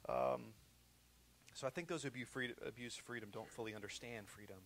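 A man's voice: medium pitch, fairly quick, gravelly, slight background noise. Man preaching a conversational sermon. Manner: conversational preaching with repetitions, swinging from loud to hushed. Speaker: pastor.

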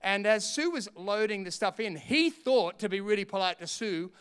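Middle-aged male preacher, bright and clean, impassioned, in a reverberant hall. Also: high voice, animated, normal speed, smooth. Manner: impassioned preaching that swells to shouts between quieter storytelling. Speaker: pastor. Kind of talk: sermon.

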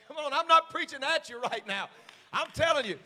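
High, bright-voiced preaching man. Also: expressive, fairly quick, long reverb tail, a faint crowd. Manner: swings from hushed asides to shouted preaching. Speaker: pastor. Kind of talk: sermon.

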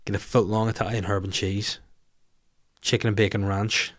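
A man's voice: lowish voice, level tone, moderate pace. A man in his thirties with a Northern Irish accent, hosting a podcast with a sweary, rambling, self-mocking comic rant. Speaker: podcast host.

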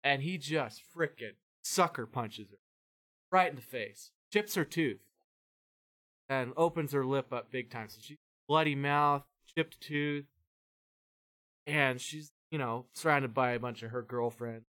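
A man hosting a podcast who tells a long story in a rambling, animated way, swearing freely and acting out the voices of the people in it. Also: medium pitch, a little slow. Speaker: podcast host. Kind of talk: casual storytelling chat.

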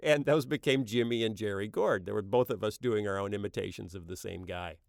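A middle-aged man telling stories about making his animated show in a casual interview, lively and quick to act out voices. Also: lowish voice, gravelly, no echo, clean studio sound. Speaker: animation creator being interviewed.

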